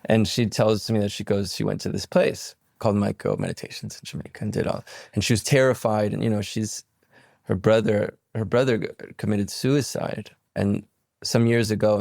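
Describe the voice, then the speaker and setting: A man in his forties from Venezuela, a podcast guest telling a reflective story in a rambling way, full of restarts and stammered repeats, jumping into animated quoted voices. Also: gravelly, no echo, studio quality. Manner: slips into animated quoted voices and sudden high pitch leaps.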